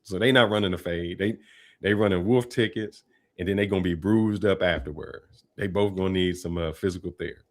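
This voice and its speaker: Man, fairly low voice, laid-back slangy commentary, chatty. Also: fairly quick. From Detroit, Michigan. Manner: relaxed, chatty, slangy delivery with laughs. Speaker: commentator reacting to a clip. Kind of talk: casual commentary.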